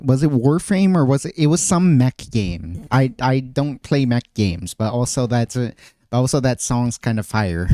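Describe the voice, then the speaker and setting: A man's voice: medium pitch, expressive, measured pace, dark tone, dry recording. A man streaming casually, thinking aloud, often trailing off and restarting his phrases. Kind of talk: casual livestream chat.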